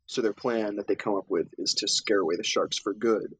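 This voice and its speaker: A man's voice: fairly low pitch, a little fast, slightly rough, rough recording. A man in a casual chat, recapping a film scene by scene and acting out the characters' lines as he goes. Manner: animated storytelling, acts out character lines.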